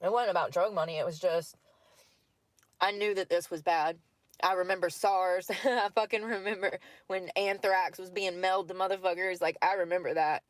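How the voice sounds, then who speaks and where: A woman's voice: on the low side, steady tone, moderate pace, dry recording, clean studio sound. A woman talking in casual chat from a parked car at night, rambling, laughing often and swearing freely. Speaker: vlogger.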